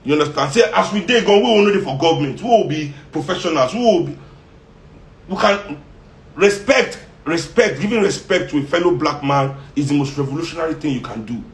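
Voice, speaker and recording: Fiery Nigerian man with a high voice in a roomy, echoey space, impassioned speaker who mixes in pidgin. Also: animated, fast. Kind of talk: impassioned monologue. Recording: roomy echo.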